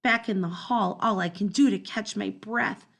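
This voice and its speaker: A woman reading a children's storybook aloud in the first person, telling it in an expressive, dramatic way. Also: mid-range voice, moderate pace, creaky. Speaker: storybook narrator.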